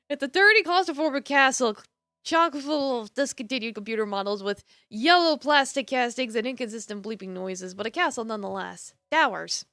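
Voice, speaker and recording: A woman streamer reading a visual novel aloud with expressive narration, broken up by casual asides and laughter. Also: on the high side, brisk, no room sound, clean studio sound.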